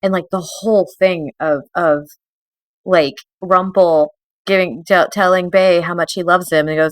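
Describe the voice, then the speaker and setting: A woman co-hosts a podcast and reacts with excitement, swearing freely and tearing up. Her voice is a little low, and the sound is dry and close. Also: moderate pace, no echo. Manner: excitable, swears, gets teary. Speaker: podcast co-host. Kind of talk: casual chat.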